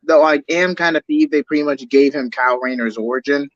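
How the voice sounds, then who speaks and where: A man's voice: fairly high pitch, fairly quick, dry recording, lo-fi sound. A man co-hosting a podcast, casually discussing a comic-book film in an analytical way and arguing fine points. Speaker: podcast co-host.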